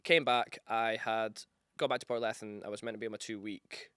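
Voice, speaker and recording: A man chatting as a podcast guest, an energetic, rambling storyteller who swears freely and acts out other people's lines. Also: lowish voice, brisk, clean tone, dry recording, clean studio sound. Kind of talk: casual chat.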